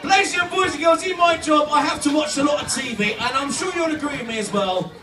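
A man doing live stand-up comedy, loud and punchy, shouting to reach the crowd. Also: very high voice, fast talker. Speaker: comedian and impressionist. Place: holiday park entertainment stage. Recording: echoey room, from far off, music and crowd.

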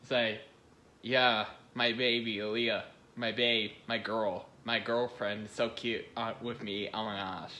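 A man's voice: fairly low pitch, flat delivery, measured pace, pushed and bright, a little hiss or hum. A man giving giggly, rambling reaction-video commentary, gushing over what he watches.

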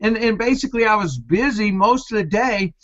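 A man with a high-pitched, expressive, slightly bright voice hosts an online business training at a brisk pace. He coaches in a motivational webinar style, firing off rhetorical questions, and the video call audio is muffled and lo-fi.

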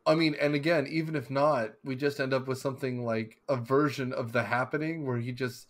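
A man's voice: medium pitch, fairly even intonation, fairly quick. A man hosting a casual podcast discussion, rambling with many fillers and restarts, acting out scenes as he describes them. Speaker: podcast host.

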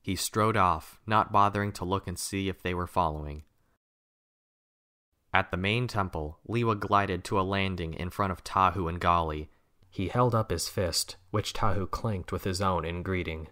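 Deep, bright-toned male narrator. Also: moderate pace. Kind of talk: storybook narration.

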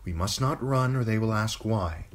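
A man's voice: lowish voice, normal speed, pitched above the performer's own voice, natural voice. A man voicing a noble widowed lady who gives urgent, commanding orders in a raised voice.

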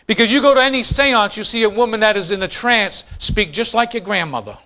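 A man preaching a sermon as pastor, swinging from quiet, low lines to fast, loud bursts. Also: lively intonation.

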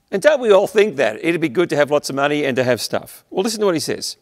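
An Australian male preacher delivers an earnest, emphatic sermon in a fairly high voice. He slows down to stress key phrases and lets his lines trail off softly. His voice carries a long reverb, as if filling a large hall. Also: very animated. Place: church, streamed online.

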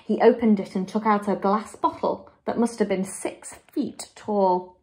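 A woman with an English accent, a primary school teacher, reading a children's book aloud to her class in a clear, expressive storytelling manner. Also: mid-range voice, measured pace.

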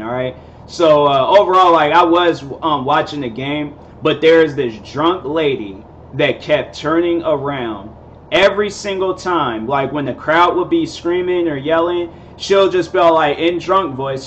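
A man's voice: a little high, moderate pace, fairly bright tone, highs cut off, slight background noise. Laid-back rambling young man. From Seattle area, USA. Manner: rambling, filler-heavy, laid-back slang. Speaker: vlogger host. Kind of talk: casual storytelling.

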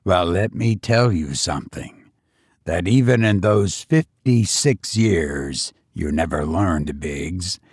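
A man's voice: expressive, slow pace, darkish tone, slightly rough, no room sound, studio quality, exaggerated voice. A man doing a stern dying old banker. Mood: grave. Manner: commanding, blunt, low and grave.

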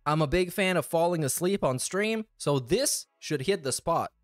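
Man, podcast host, sarcastic, mocking, lively up-and-down delivery, slightly high voice. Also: normal speed, no echo, studio quality, faint music behind. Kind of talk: casual commentary.

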